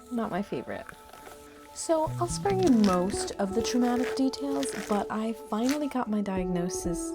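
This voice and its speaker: Animated young woman, sarcastic Southern lilt. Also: on the high side, slow pace, pauses often. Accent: put-on Southern US lilt. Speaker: vlogger. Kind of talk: casual on-camera vlog chat. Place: at home, dyeing her hair. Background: music playing underneath.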